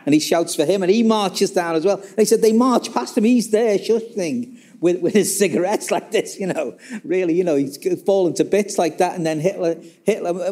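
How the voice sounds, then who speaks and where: A man's voice: on the high side, mellow. A man talking casually about a history book, telling an episode as a story and acting out the quoted dialogue, with many restarts. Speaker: author discussing his book. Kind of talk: casual spoken history talk.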